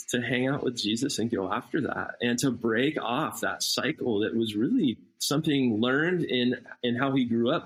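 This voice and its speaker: A man, a missionary guest on a podcast, telling a personal story in a casual, animated way and acting out the dialogue. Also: mid-range voice, breathy edge, low-quality recording. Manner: animated, acts out quoted dialogue.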